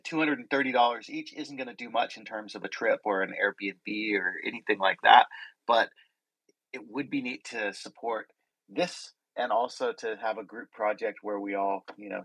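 A man with a slightly sick, husky voice hosts a loose group conversation. He rambles warmly, restarting his sentences as he welcomes everyone. His voice sits fairly low and sounds dry and close. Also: no echo, rough recording. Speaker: host. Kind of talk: casual group chat on a live audio stage.

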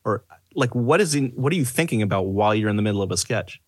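A man's voice: lowish voice, expressive, quick pace, dry recording. A man hosting a podcast, asking curious, rambling questions in a casual interview. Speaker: podcast host.

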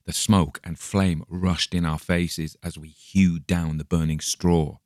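A man reading a classic story aloud as an audiobook narrator, measured and dramatic. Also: low voice, little pitch movement, a little mellow, no echo, studio quality.

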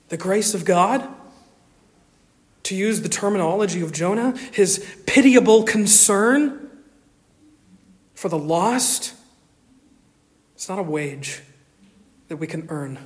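A man pastor preaching a sermon, expressive, moving between loud emphasis and quiet asides. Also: sits high, long reverb tail. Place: church sanctuary.

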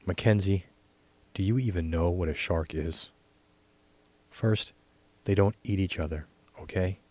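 A man's voice: low-pitched, a little slow, mellow, no echo. A man reading a story and voicing a cocky teenage boy who lectures his friend with a full mouth. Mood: lecturing. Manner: smug, lecturing.

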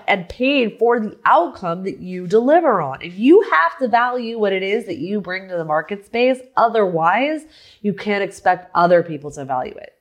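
A woman business coach talking alone on a podcast, animated, often restarting and repeating words as she explains. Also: medium pitch. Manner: animated, acts out her own past questions. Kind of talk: solo podcast monologue.

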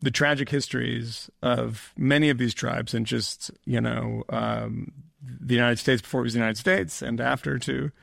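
A man co-hosting a podcast in casual chat, sardonic and animated, often laughing mid-sentence. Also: mid-range voice, moderate pace, creaky, no echo, clean studio sound. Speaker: podcast co-host.

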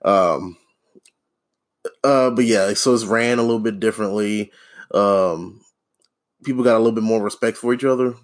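A man hosting a podcast alone, rambling in a deadpan, sardonic way, swearing freely and filling with ums and restarts. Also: on the low side, normal speed, long pauses. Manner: profane, rambling, sardonic, many fillers and restarts. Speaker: podcast host. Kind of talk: casual solo rant.

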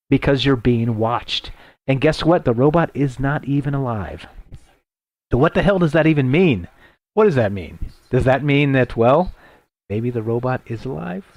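A man's voice: medium pitch, darkish tone, no room sound. A man hosting a casual late-night radio talk show from a laptop while on the road, rambling and poking fun at his own stumbles. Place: traveling, broadcasting from a laptop.

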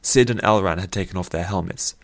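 Brief: low male narrator, steady and measured, dry close sound, fantasy audiobook. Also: vocal fry, no echo.

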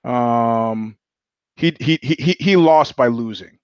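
A man's voice: medium pitch, slow pace, a little mellow, smooth, no room sound, lo-fi sound. A man hosting his own show, answering listener questions and telling blunt, profane stories in a casual monologue. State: sweating. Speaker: podcast host.

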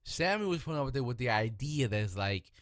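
A man talking casually with a co-host, animated and profane, often cutting in. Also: mid-range voice, no room sound, studio quality. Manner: animated, profane, restless, quick to interrupt. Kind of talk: casual chat.

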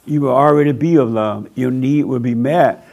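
A man's voice: medium pitch, normal speed, creaky, darkish tone. A man preaching a sermon in a blunt, mocking, emphatic way.

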